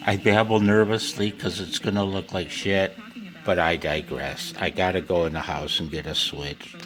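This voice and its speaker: A man's voice: deep voice, a bit bright. A man in a home workshop chatting to camera in a rambling, self-mocking way while filing metal, sometimes a little out of breath. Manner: self-mocking, wandering asides. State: slightly out of breath. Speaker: ham radio hobbyist. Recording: faint background noise with filing and clicks.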